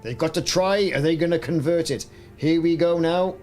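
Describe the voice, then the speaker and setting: A man's voice: fairly high pitch, normal speed, darkish tone, faint music behind. A man with a Welsh accent hosting a casual gaming livestream, chatting and joking with mock sports commentary asides. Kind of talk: casual live-stream chat.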